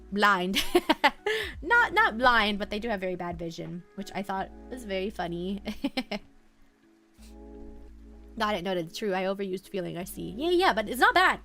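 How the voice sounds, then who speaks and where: A woman's voice: medium pitch, fairly bright tone. A woman live streamer chatting casually and playfully with her viewers, giggling as she reacts.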